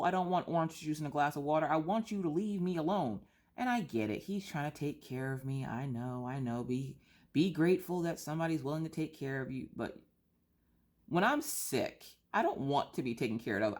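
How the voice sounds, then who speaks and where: A deep-voiced woman with a stuffy nose chats casually as she colors for her craft channel. The craft vlogger complains in an animated, exaggerated way, tossing out plenty of rhetorical questions.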